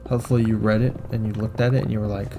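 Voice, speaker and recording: A man's voice: lowish voice, level tone, racing, noisy background. A young man rambling and joking through casual gameplay commentary. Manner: rambling, joking, self-mocking. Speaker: gaming streamer.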